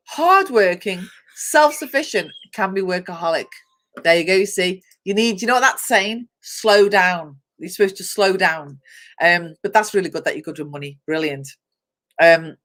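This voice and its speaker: A woman's voice: mid-range voice, fairly bright tone. Chatty lady host going down a list, calls out viewers by name, laughs a lot. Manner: chatty, reads lists aloud, talks to viewers by name; laughs often, explains step by step. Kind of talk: live online chat show.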